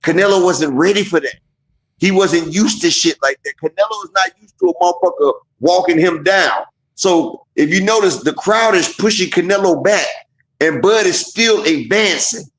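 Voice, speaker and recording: A man with a high-set voice talks through fight moments in an animated, profane way and acts out the boxers' lines. He sounds like he is in a roomy, echoey space. It is a casual live stream chat. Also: normal speed. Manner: animated, profane storytelling with acted-out quotes. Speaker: boxing stream co-host.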